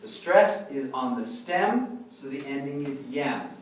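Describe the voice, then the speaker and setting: A man's voice: medium pitch, sing-song, measured pace, distant mic. Man, classroom teacher, patient explaining, frequent check-ins, roomy echo, faint hiss. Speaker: Russian language teacher. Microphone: far camera. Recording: very echoey room, recorded from afar.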